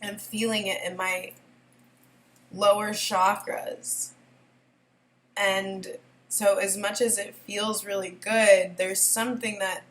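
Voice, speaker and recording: A woman's voice: medium pitch, a bit bright. A young woman doing a casual tarot reading, rambling and giggly, often emotional. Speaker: tarot reader.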